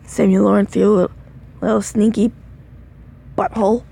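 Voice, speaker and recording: Sleepy and yawning, a woman with a dark, medium-pitched voice reads a second-person fan fiction story aloud into her phone at a slow pace. She stumbles over words and pauses to comment on the text.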